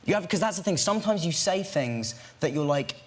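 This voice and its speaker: A man's voice: fairly high pitch, lively intonation, fairly quick. A young man on a chat show talking loosely about his work, filling his talk with "like". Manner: loose and casual, full of "like". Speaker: actor guest.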